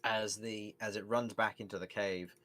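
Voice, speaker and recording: Relaxed young man running a tabletop game. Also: on the low side, normal speed. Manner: relaxed, laughs often, restarts sentences. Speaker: game master.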